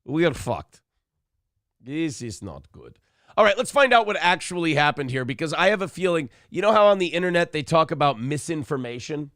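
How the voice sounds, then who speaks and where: Lively, crude-joking male co-host. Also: on the high side, fast, few pauses, dry recording, clean studio sound. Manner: crude, joking, reads chat comments. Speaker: morning show co-host. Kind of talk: irreverent comedy chat.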